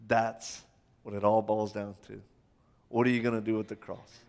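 A man preaching a sermon in a church, impassioned, firing rhetorical questions and stumbling over quick restarts. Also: on the low side, flat delivery, vocal fry, a little mellow. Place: church sanctuary. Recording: long church hall reverb.

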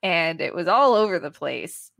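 A woman's voice: lowish voice, lively intonation, normal speed, vocal fry, fairly bright tone, no echo, clean studio sound. A woman hosting a casual podcast, asking quiz questions and explaining the answers in a matter-of-fact way. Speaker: podcast host. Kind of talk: casual chat, quizzing a co-host.

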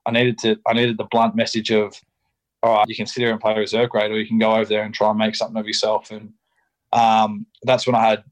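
A young Australian man talks in a low, fairly flat voice, speaking candidly as a podcast guest. He is casual and blunt, swears freely, and fills his sentences with ums and restarts. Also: quick pace, rough recording. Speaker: rugby league player, podcast guest. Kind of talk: candid interview chat.

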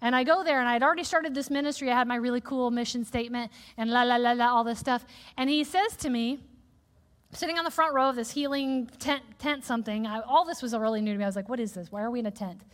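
A woman preaching a sermon in a lively, conversational way, acting out little quoted voices as she speaks to the congregation. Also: fairly high pitch, quick pace. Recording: long reverb of a large hall.

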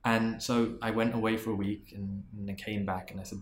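Male interview guest, earnest storyteller, lower voice, echoey room. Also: fairly even intonation, a little fast, hardly any pauses, slight background noise. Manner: earnest, restarts and repeats words. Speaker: interview guest, marketing executive. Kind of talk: reflective storytelling in conversation.

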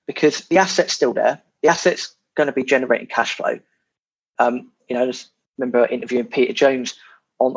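A man's voice: medium pitch, gravelly, husky. A man, a guest on a podcast, chatting casually and animatedly about property, swearing now and then and repeating his words. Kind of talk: casual interview chat. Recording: dull lo-fi sound.

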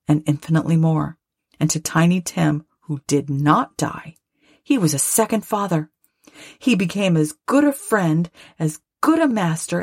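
Husky woman reading a storybook. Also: fairly low pitch, no room sound, studio quality. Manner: expressive, lively phrasing. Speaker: narrator.

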